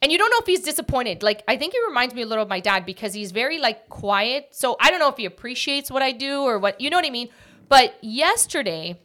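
A woman hosting a casual podcast chat, talking quickly and jumping from one thought to the next like an animated storyteller. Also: on the high side. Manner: rapid, jumps between thoughts. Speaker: podcast host.

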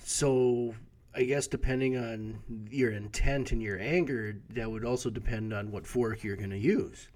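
A man's voice: mid-range voice, a little slow, a little mellow. A man co-hosting a podcast in casual chat, asking wry questions and prompting his co-host's stories. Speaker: podcast co-host.

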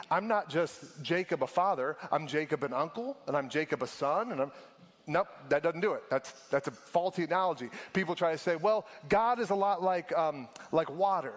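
A young adult man preaching a sermon as a pastor, animated and conversational, laughing often. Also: fairly high pitch. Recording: long hall reverb.

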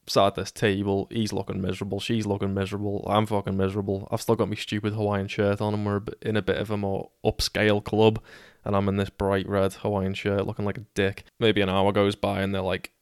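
Young british man, casual storytelling, sweary, self-mocking, lowish voice, smooth and clear, dry close sound. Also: no echo. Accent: British English. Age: 20s. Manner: sweary and wry, self-deprecating.

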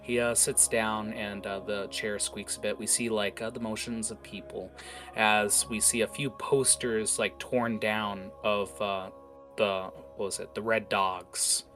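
A man's voice: on the low side, level tone, unhurried, a bit bright, soft background music. A man narrating as game master in an improvised tabletop session, rambling with many fillers and restarts.

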